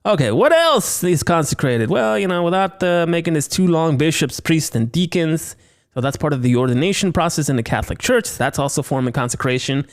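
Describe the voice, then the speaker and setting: Solo podcast host, male, higher-pitched, very lively delivery, playful and chatty. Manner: playful, lively, slips into silly voices and banter with himself. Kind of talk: solo horror movie review podcast.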